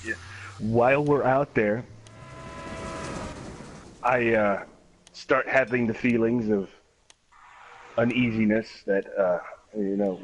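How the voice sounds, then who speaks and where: A man streaming a game, telling a long story in a casual, animated way, acting out other people's voices and swearing often. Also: on the low side, slow pace, pauses often, a little hiss or hum, rough recording. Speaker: gaming streamer. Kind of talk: casual storytelling while gaming.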